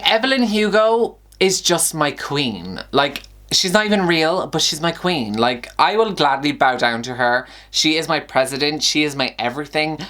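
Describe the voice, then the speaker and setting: A man's voice: fairly high pitch, animated, normal speed, hardly any pauses, sharp tone. A young man chats through a book review vlog in an effusive, gushing way. He talks in a chatty style and often sighs between his thoughts. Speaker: book vlogger.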